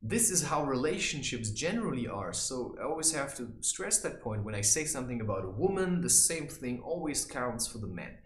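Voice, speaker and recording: A man giving advice in a rambling casual monologue, saying "you know" constantly and mocking people in high teasing voices. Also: big pitch swings, moderate pace, few pauses, roomy sound. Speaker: vlogger giving life advice.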